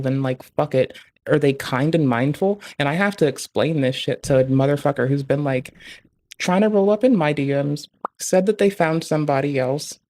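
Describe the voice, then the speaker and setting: A man's voice: on the high side, darkish tone. A young adult man streaming live, chatting casually in a rambling, profanity-heavy way.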